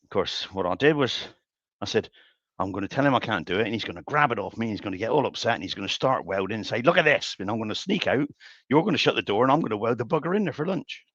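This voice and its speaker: An older man chats through a long story on a live woodturning stream, his lowish voice bright and forceful. He rambles, restarts sentences and chuckles along the way. The sound is dry and a little dull, like lo-fi stream audio. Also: animated, quick pace, no room sound. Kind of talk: casual storytelling while working. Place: home workshop.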